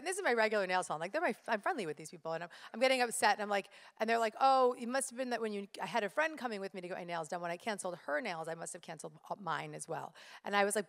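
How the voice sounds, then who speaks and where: A woman's voice: medium pitch, animated, very fast. A woman speaking live to an audience, telling stories with energy and addressing the crowd directly. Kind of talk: motivational live talk. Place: stage in a large hall. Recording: live hall with reverb.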